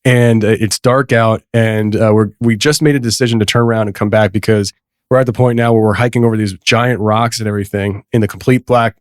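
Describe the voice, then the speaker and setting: Speaking briskly in a steady, lowish voice, a man who hosts a podcast rambles through a story in casual conversation. He keeps restarting and laughs a lot, and the studio sound is clean and dry.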